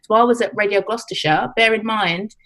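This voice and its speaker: A woman's voice: mid-range voice, fairly quick, fairly bright tone. A woman in her forties, a radio producer, chatting in an interview and repeating her key points with emphasis. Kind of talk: casual interview chat.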